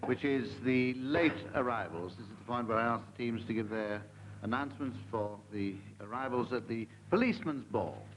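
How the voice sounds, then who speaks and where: A man chairing a comedy panel game on radio, announcing scores and rules in a measured, deadpan way. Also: medium pitch. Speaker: quiz chairman. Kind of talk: dry scripted game hosting. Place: radio studio with live audience. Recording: muffled, faintly hissy radio archive.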